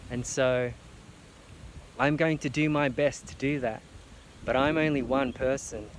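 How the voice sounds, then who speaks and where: A man's voice: mid-range voice, fairly even intonation, measured pace, noisy background. A man, an artist, making an earnest, emotional appeal to camera, near tears and repeating phrases for emphasis. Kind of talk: heartfelt personal appeal to camera.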